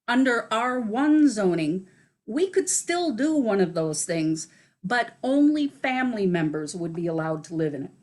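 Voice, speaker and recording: A woman from city staff giving a prepared presentation, steady and read from notes. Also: medium pitch, a little slow. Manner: steady, reads from prepared remarks.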